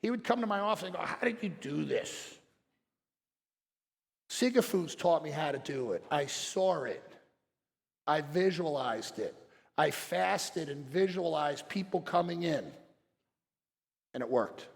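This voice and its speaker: A man's voice: on the high side, lively intonation, unhurried, creaky. Blunt man speaking in a reverberant hall. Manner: blunt, storytelling, acts out quotes. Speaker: seminar speaker. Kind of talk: motivational stage talk.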